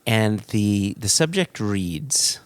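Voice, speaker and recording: A man's voice: on the low side, animated, takes it slowly, clear, resonant tone. A man co-hosting a casual podcast, reading a listener's email aloud and laughing through it. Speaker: podcast co-host.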